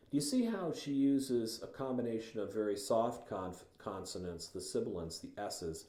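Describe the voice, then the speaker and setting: A man with a low, mellow voice gives a writing lesson, lingering over words and reading passages slowly with care. He talks in a loose, thoughtful way with small restarts. The sound is roomy, with a noticeable echo. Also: lively intonation. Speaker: writing instructor. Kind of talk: teaching lecture with read-aloud passages.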